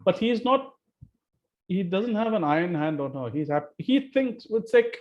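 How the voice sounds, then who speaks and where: A man's voice: high-pitched, a little slow. Man talking over a muffled call. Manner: animated, emphatic, frequent restarts. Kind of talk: casual group discussion. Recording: muffled online call audio.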